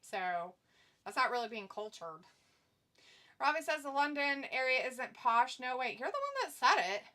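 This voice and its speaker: A woman with a bright, fairly high voice talks casually on a live stream. She teases her viewers and laughs often as she reads their comments aloud. Her tone stays loose and unscripted. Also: sing-song, normal speed. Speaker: stream co-host.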